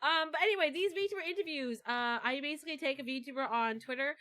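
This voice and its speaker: A woman's voice: high voice, quick pace, bright, forceful tone. A woman hosting a casual livestream chat, giggly and swearing casually as she introduces her show. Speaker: streamer host.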